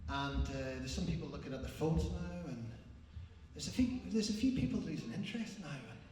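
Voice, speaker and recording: A man's voice: a little high, animated, fairly quick, darkish tone. A man giving a rambling, repetitive, self-mocking live performance monologue in a large gallery hall. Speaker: performance artist. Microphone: distant room mic. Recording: echoey hall recorded from far off.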